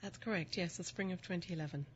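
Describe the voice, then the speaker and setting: A woman's voice: fairly low pitch, fast, lo-fi sound, a little hiss or hum. A woman with a mid-Atlantic accent that mixes British and Philadelphia sounds, answering interview questions as a composed, articulate guest. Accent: mid-Atlantic, mixed British and Philadelphia. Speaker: executive director, guest.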